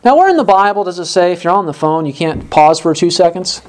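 A woman's voice: fairly low pitch, expressive, quick pace, darkish tone. A woman teaching a Bible sermon, earnest, acting out quoted lines as she goes.

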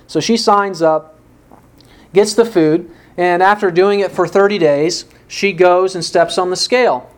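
A man's voice: sits high, measured pace. A man preaching an earnest sermon, asking rhetorical questions and telling an illustrative story.

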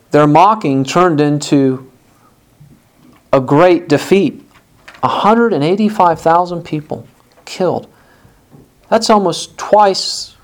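Emphatic preacher mid-sermon, earnest, middle-pitched voice, leans on repeated words for stress. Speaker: pastor.

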